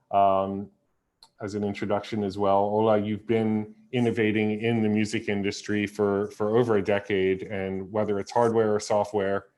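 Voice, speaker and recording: A man's voice: on the low side, darkish tone. A man interviewing a guest, introducing him in a friendly, lightly joking way before asking questions.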